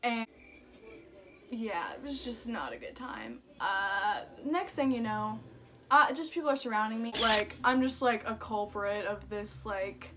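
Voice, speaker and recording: A woman's voice: a little high, animated, unhurried, bright, forceful tone, slight background noise. A woman vlogger telling a story in a casual, chatty way, swearing often and saying "like" a lot.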